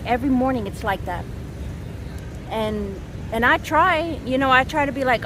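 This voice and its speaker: A woman in her thirties venting on a casual vlog, rambling and halting, swearing often. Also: on the high side, background noise. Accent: Southern US. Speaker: vlogger.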